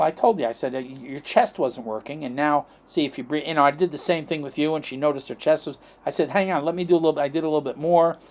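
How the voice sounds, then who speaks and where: Chatty storyteller man, higher voice. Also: darkish tone. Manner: acts out quoted dialogue, checks in with "okay?" and "right?". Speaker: chiropractic guest. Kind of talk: rambling anecdotal storytelling.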